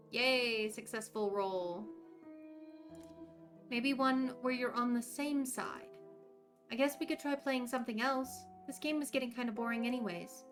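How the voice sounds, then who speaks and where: Woman streamer reading a story game, calm with quick asides, light music under her. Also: a little high.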